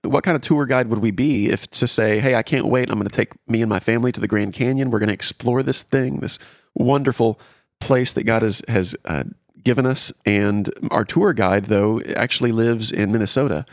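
A man's voice: lowish voice, moderate pace, no echo, clean studio sound. A man co-hosting a podcast in a folksy way, explaining an idea with a homespun example. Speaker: podcast co-host and author. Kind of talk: casual conversation.

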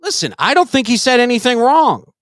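A man's voice: very high voice, big pitch swings, fairly quick, fairly bright tone, no room sound. Brash, profane man ranting. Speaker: podcast co-host. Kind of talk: casual comedic chat.

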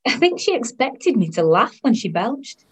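A woman's voice: on the high side, very animated, moderate pace, heavy background noise. Wry woman narrating. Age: 30s. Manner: wry, weary and sardonic. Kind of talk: first-person audio drama narration.

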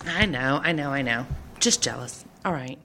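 A woman's voice: a bass voice, fairly quick, noisy background. Gushing, chatty woman host. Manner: gushing, chatty, laughs often. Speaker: podcast host. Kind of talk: casual chat.

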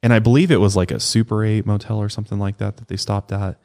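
A man's voice: on the low side, steady tone, quick pace, darkish tone. A man co-hosting a podcast, recounting a true-crime case in a loose, conversational way with casual swearing. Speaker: podcast co-host.

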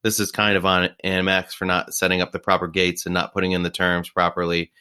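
Man, low voice, bright tone, crisp, casual podcast chat. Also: completely flat delivery, brisk. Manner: conversational, opinionated. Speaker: podcast co-host.

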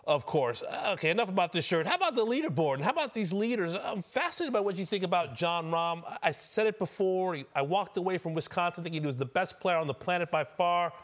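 A man's voice: high voice, animated, fast talker, few pauses. A man hosting a golf broadcast from the studio, upbeat and conversational as he tosses questions to colleagues. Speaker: studio host.

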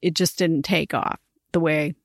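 A middle-aged woman hosting a ministry podcast, telling a story in a casual, animated way and laughing as she talks. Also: sits low, measured pace, no room sound, clean studio sound. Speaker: podcast host, ministry coach.

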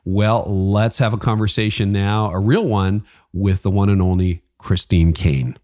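A man with a Canadian accent hosting a podcast, reading sponsor spots and interviewing a guest in a friendly, animated way. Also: on the low side, a little slow, few pauses. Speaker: podcast host. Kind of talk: ad reads and interview.

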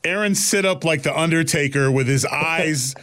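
A man's voice: a little high, moderate pace. A man telling a story in casual conversation, acting out the quoted lines with energy. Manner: animated, acts out quoted lines.

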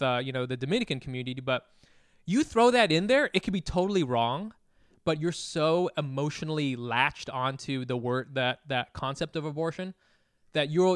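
A Vietnamese-American man in casual podcast chat who talks in restarts, swears and gets louder as he argues. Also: fairly high pitch, a little fast, smooth, dry recording, clean studio sound. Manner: animated, laughing, swearing, restarts.

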